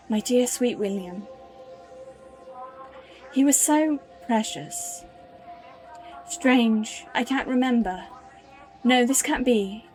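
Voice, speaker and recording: A woman's voice: on the high side, a little mellow. A woman voicing a distraught grieving mother who pleads and insists, over faint music in a game.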